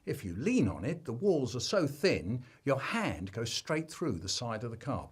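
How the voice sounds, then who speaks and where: A man telling a comic family story, acting out the children's shouts in an animated way. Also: mid-range voice, measured pace, few pauses, breathy edge.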